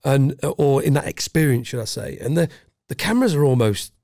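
A man's voice: medium pitch, animated, fairly quick, darkish tone, no room sound, clean studio sound. A middle-aged man from England, a former special forces guest on a podcast, talking bluntly and casually with heavy swearing. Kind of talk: casual interview chat.

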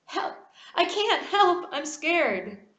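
A woman voicing a frantic young schoolboy, crying out in panic with high calls. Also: big pitch swings, drawn-out words, fairly bright tone, echoey room, lo-fi sound, exaggerated voice. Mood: panicked.

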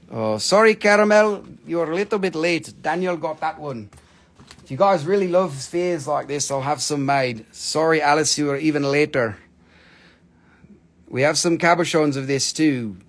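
A man hosting a live stream selling crystals, with a playful, jokey, rambling way of talking and drawn-out excited exclamations. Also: a little high. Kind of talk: casual live sales stream.

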